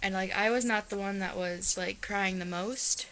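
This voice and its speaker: A woman's voice: mid-range voice, steady tone, normal speed, a bit bright, slight background noise, poor audio. A teenage girl from Ohio, an exchange student chatting casually to her camera in a rambling way, full of "like" and restarts. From Ohio, USA. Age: teens. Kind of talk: casual chat.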